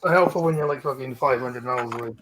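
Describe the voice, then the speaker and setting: A man's voice: medium pitch, quick pace, fairly bright tone, a little hiss or hum, poor audio. A Scottish man reading the news on a live stream in a blunt style, swearing freely. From Scotland. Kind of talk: casual chat.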